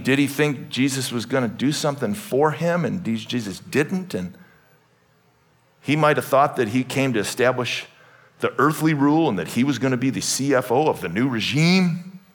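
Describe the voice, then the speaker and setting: A man preaching a sermon to a congregation, jokey and animated, swinging from loud emphatic bursts to soft asides. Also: medium pitch. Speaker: pastor. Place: church hall with congregation.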